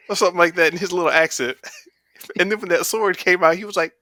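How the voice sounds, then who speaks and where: Male podcast co-host, bright voice, relaxed and musing, dry close sound. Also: high voice, fast, no echo. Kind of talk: casual chat about movies.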